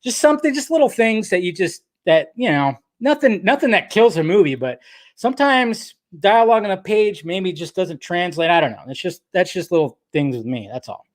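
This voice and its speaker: A man's voice: sits high, expressive, moderate pace. A man giving casual film commentary as a vlogger, rambling and chatty, full of asides.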